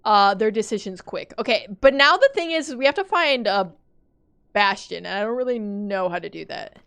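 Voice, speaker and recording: A young woman streaming a game live, talking to her chat in a panicky, excitable way. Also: fairly high pitch. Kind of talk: live gameplay commentary.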